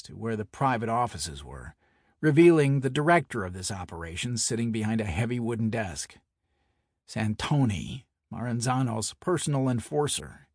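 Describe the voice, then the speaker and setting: Husky-voiced man narrating a hard-boiled story. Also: mid-range voice, no echo, studio quality. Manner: measured, wry, hard-boiled. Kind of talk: first-person story narration.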